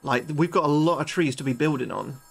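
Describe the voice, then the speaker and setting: A British man livestreaming a game, chatting excitably with his viewers and swearing freely. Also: on the high side, brisk, creaky, slightly rough, faint music behind. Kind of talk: live gameplay commentary chatting with viewers.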